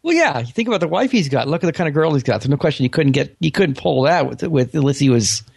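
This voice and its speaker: A man's voice: a little high, sing-song, vocal fry, husky, no echo, studio quality. A man co-hosting a casual radio show, rambling through his points with many fillers. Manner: rambling, fast, lots of fillers. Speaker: radio co-host. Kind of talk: casual talk radio banter.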